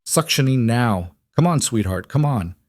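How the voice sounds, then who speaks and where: A man reading a terse, steady woman surgeon. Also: mid-range voice, moderate pace, no room sound, studio quality, voice pushed up, close to an everyday voice. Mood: reassuring. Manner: terse and steady under pressure. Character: calm, composed female surgeon in an emergency delivery.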